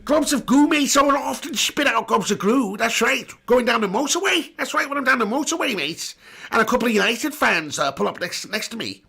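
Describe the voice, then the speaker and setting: Brief: loud Scouse football pundit impression, done by a man with a strep throat, rough and gravelly. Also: extremely high pitch, animated, fairly quick, pitched above the performer's own voice, heavily acted. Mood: jokey. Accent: Scouse (put on).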